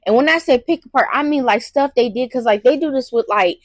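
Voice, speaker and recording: A young woman rants on a commentary show, emphatic and slangy, circling back over her points. Her voice sits a bit high. The sound is dry and close, with no room around it. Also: brisk, no room sound. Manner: animated, emphatic, repeats herself, slangy. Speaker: commentary host. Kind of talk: casual ranting commentary.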